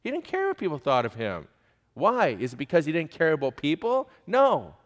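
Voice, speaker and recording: A man's voice: on the high side, wildly swooping pitch, normal speed. A male preacher giving an emphatic sermon, pressing his listeners with pointed questions. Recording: long hall reverb.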